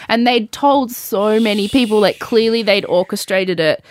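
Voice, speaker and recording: A woman's voice: mid-range voice, moderate pace, a little hiss or hum. A woman hosting a podcast, telling a personal story in chatty talk full of "like" and the odd swear word. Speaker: podcast host. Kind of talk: personal storytelling in casual chat.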